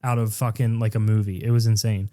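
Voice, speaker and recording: Mellow-voiced man telling rambling stories. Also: lowish voice, level tone, fast talker. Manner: rambling storyteller, acts out voices, many fillers. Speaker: podcast co-host. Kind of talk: casual chat.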